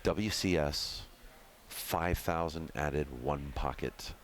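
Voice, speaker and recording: A man's voice: very deep voice, slow, slight background noise. A man commentating a pool match live, chatty and playful, talking straight to the viewers.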